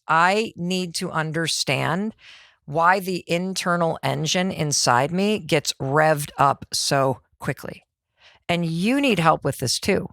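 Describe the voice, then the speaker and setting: A middle-aged woman hosting a motivational podcast, talking in an energetic, conversational way and asking herself rhetorical questions. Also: low voice, slow, gravelly, no room sound, clean studio sound. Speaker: podcast host.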